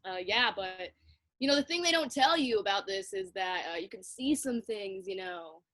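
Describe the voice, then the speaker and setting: A woman's voice: medium pitch, lively intonation, moderate pace, a bit bright. A woman improvising a laid-back stoner street performer with a rambling slacker way of talking. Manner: rambling, slacker slang, giggly. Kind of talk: improv comedy scene. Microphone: video call.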